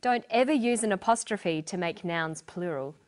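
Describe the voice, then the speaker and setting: At medium pitch, a woman narrates a scripted English lesson in the role of a teacher, speaking clearly and deliberately.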